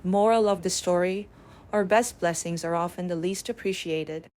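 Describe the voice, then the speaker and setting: Woman, bedtime story narrator, calm, measured, lowish voice, fable reading. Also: loud music behind the voice.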